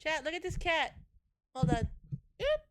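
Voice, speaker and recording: A woman's voice: high-pitched, very animated, measured pace, fairly bright tone. A woman game streamer chatting casually to her live chat, rambling and swearing freely.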